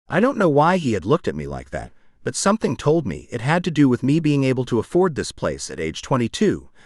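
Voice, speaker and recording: A man's voice: medium pitch, no room sound, studio quality. A man narrating an audiobook in the first person, in a conversational, wry storytelling manner.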